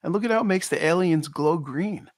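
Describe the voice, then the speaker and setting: A man co-hosts a relaxed livestream, his voice pitched a little higher than most men's. He chats loosely and animatedly, stumbling over fillers as he talks into a desk mic at home. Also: a little fast. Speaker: co-host. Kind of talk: casual livestream chat.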